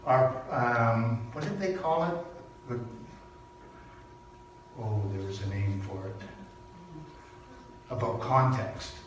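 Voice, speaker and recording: An older man delivers a personal sermon, storytelling with emphatic repeats. His slow delivery swings widely in pitch, and he sits fairly high for a man. He sounds distant from the mic in a very echoey hall, with faint background noise. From Canada. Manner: storytelling, animated, with emphatic repetitions. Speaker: speaker at a spiritual church service.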